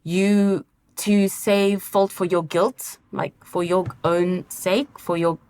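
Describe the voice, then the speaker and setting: A woman's voice: on the low side, steady tone, slow, a little mellow, clean tone. A woman speaking thoughtfully in a casual podcast conversation. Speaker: podcast guest.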